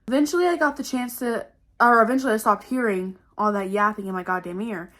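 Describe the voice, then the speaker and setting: A young woman vlogger tells stories to camera in a casual, dramatic style, swearing often and addressing her viewers as "guys." Her voice is fairly high and a bit bright, and she talks a little fast.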